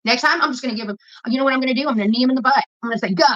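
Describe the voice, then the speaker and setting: A woman vlogger rants casually to her viewers in a blunt, profane, rambling way. Her voice is high-pitched, rapid-fire, and fairly bright, recorded on dull lo-fi phone audio.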